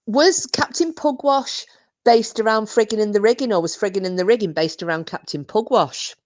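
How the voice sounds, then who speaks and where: A woman hosting a podcast, reminiscing in casual chat, giggly and full of fillers. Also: medium pitch. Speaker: podcast host.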